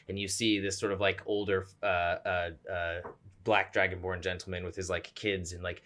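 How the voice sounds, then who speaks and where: A man's voice: deep voice, flat delivery, moderate pace, fairly bright tone. Rambling young man as game master. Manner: rambling, full of fillers. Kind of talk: narrating a tabletop game.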